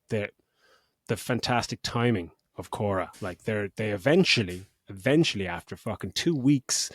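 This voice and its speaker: A man's voice: fairly low pitch, no room sound, studio quality. A middle-aged man co-hosting a podcast, recapping a film in casual chat, sarcastic, swearing freely and laughing often. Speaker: podcast co-host.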